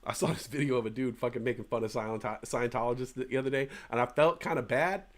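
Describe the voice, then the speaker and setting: Co-hosting a live stream, a man with a fast, mid-range voice chats casually. He rambles and swears, often breaking off to restart his sentences.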